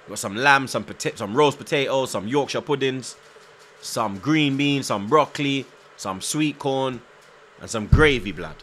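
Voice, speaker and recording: A man's voice: medium pitch, normal speed, fairly bright tone, a little hiss or hum. A young man, chatting casually on a live football stream, reading out viewer comments, nervous but hyped. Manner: slangy, repeats himself, reads out chat, nervous yet hyped.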